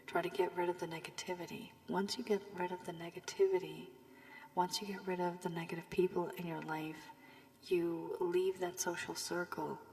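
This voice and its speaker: A woman giving a tarot reading with advice, her voice worn from illness, speaking softly and often half-whispering. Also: fairly low pitch, little pitch movement, moderate pace. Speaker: tarot reader. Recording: long room reverb, faint background hiss.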